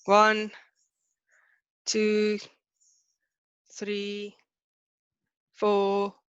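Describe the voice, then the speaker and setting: A woman with a South African accent teaching an online class, chatty and brisk, hurrying her students along. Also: medium pitch, completely flat delivery, smooth, no room sound, lo-fi sound. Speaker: Afrikaans teacher.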